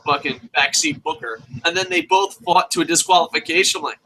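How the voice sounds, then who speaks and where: A young man hosting a wrestling review, ranting casually with lots of swearing and bursts of shouting. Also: on the high side, fairly even intonation, brisk, hardly any pauses, low-quality recording. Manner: profane, ranting, shouts at times.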